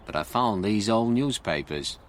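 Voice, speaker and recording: A man reading a storybook, voicing a calm, stern police sergeant in a lowered voice. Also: unhurried, a little hiss or hum.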